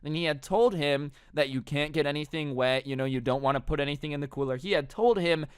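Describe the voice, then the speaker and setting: A man's voice: on the high side, fast talker, clean tone, no room sound, clean studio sound. A man telling a story to his viewers in a casual, slangy way, full of "you know" and "like". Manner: slangy, filler-heavy, addresses viewers as bro and dude. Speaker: storytime vlogger.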